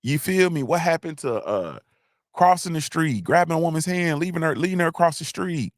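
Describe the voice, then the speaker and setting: A man's voice: a little high, animated, brisk, dry recording, clean studio sound. A man hosting a livestream, talking in a loose, rambling monologue with slangy asides and many restarts. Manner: rambling, repeats himself, frequent restarts, slangy. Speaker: livestream host.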